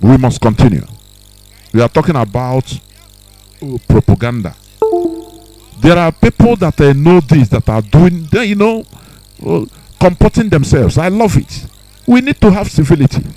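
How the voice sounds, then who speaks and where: A man runs a live call-in radio program in a dark, mellow voice. He talks sternly to his callers, repeating words and lecturing them on manners. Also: on the high side, expressive, normal speed, pauses often, rough recording. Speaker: radio host.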